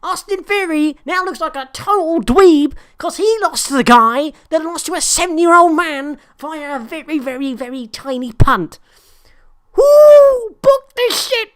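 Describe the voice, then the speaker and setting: A woman with a fairly high voice tears through a wrestling recap, swearing freely. Her storytelling is animated and ranting, and laughter keeps breaking through. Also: moderate pace, hardly any pauses. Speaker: podcast co-host.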